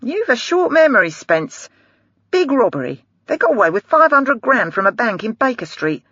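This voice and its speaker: A reader playing a brash middle-aged detective, blunt and sarcastic, quick to swear. The delivery swings with animated pitch over a husky, dry voice. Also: no echo, muffled recording. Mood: lecturing.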